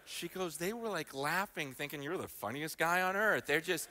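An American man telling a story in a sermon, animated, his voice climbing high and loud when he gets excited. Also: moderate pace. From United States. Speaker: guest speaker.

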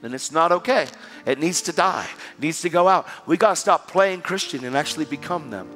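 A high-pitched male preacher delivers an animated sermon, swinging from loud exhortation to near-whispered storytelling. His voice rings out with a long reverb through a church hall, with faint music underneath. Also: fairly quick.

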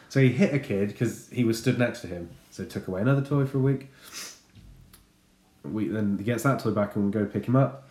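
A man in his thirties telling a funny story about his son in a casual, sweary, animated way. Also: on the low side, brisk. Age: 30s. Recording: echoey room.

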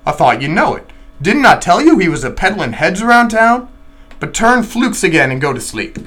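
A man voicing a grinning, easygoing innkeeper who talks in a jovial, reassuring way, a bit higher than his own voice. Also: very animated, normal speed, fairly bright tone, heavily acted. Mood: amused.

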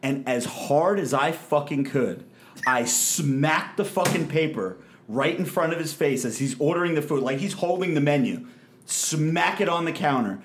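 Brief: young male host, animated profane storyteller, slightly high voice. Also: moderate pace, slight background noise. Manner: profane, animated, acts out quotes. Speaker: podcast host telling a story. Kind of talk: casual storytelling.

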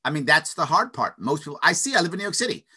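Animated bright-voiced man tagging "right?". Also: on the high side, rapid-fire, husky. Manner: animated, stutters restarts, frequent "right?" tags. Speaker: interview guest. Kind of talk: opinionated conversational monologue.

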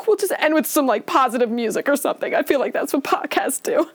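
A woman's voice: high voice, wildly swooping pitch, a little fast. A woman hosting a comedic podcast, delivering an over-the-top melodramatic monologue. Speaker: podcast host. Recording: music playing under the voice.

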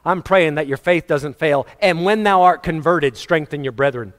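A pastor with a high-pitched voice preaches to his congregation in a conversational style, chuckling and acting out quotes at a moderate pace. The recording carries a long hall reverb.

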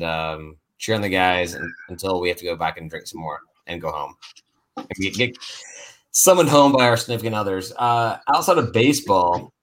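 Low-voiced man hosting a casual podcast. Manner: loose and joking, laughs often, repeats words. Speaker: podcast host. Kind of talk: casual sports podcast chat.

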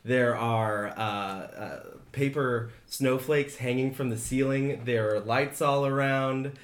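A man running a tabletop game, narrating a scene in a relaxed way with many fillers. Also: mid-range voice, takes it slowly. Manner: relaxed, laughing, lots of fillers. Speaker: game master. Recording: roomy echo.

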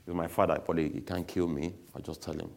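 A man's voice: low-pitched, flat delivery, fast talker, vocal fry. A man giving a candid, emotional personal testimony to an audience, speaking bluntly.

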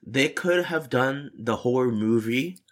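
A woman co-hosts a podcast with an extremely low voice. She talks in a dry, exasperated way and often curses as she agrees. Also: animated, measured pace. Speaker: podcast co-host. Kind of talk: casual podcast chat.

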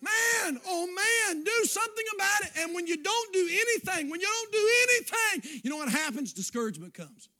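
A man preaching a sermon in a folksy way, dropping to quiet asides and rising to shouts. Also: extremely high pitch, big pitch swings, brisk, few pauses. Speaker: pastor.

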